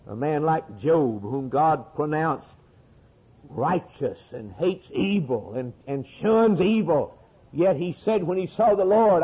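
A man preaching a fervent sermon, dropping to low murmurs and rising to impassioned cries. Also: animated, slow, warm tone, breathy edge, poor audio.

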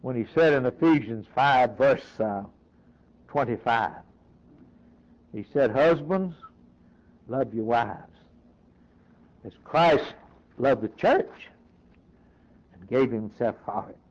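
A man's voice: mid-range voice, lively intonation, slow, pauses often, darkish tone. A man preaching a sermon, reading scripture aloud and then driving points home in short emphatic phrases. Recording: dull lo-fi recording.

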